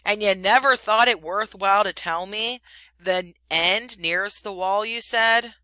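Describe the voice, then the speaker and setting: A woman reads as a fierce young mongoose in a storybook, scolding and urgent. The voice is bright and clear, and the words come slow and deliberate in a dry, close sound. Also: mid-range voice, no room sound, pitched above the performer's own voice, poor audio. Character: brave young male mongoose, fierce and quick.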